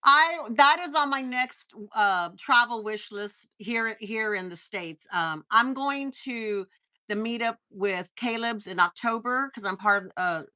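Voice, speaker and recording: A woman with a Texan accent hosts a casual live stream, her voice bright and forward. She sits a little above the usual pitch and chats in quick, stumbling bursts, reading out viewer comments between stories. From Texas. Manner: chatty, stumbling restarts, reads viewer comments aloud. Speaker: host.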